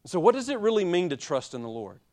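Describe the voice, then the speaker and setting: A man preaching a sermon, building to loud peaks and dropping low and quiet, with repeated rhetorical questions to the congregation. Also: very animated, quick pace. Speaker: pastor.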